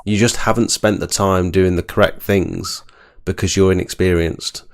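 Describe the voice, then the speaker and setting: A man hosting a casual live podcast, giving measured, reflective advice. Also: low voice, fairly even intonation, vocal fry. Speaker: host.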